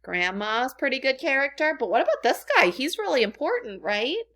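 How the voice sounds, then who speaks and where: A woman's voice: high voice, sing-song, moderate pace, a bit bright. A woman teacher reading a storybook lesson aloud to children, stopping to ask the class questions. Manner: friendly, asks the class questions.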